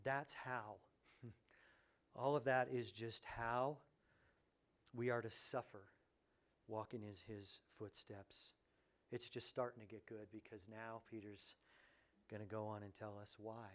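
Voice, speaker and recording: Slow and often pausing, a man with a lowish voice preaches as pastor. His sermon is animated, shifting from loud outbursts to hushed words while he acts out quoted voices.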